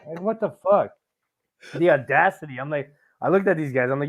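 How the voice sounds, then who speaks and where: Pitched on the high side, this male podcast host talks at a moderate speed with vocal fry and a slightly rough edge. He tells stories in relaxed conversation, swearing a lot and laughing often in an animated way. Sound quality is tinny, like a phone.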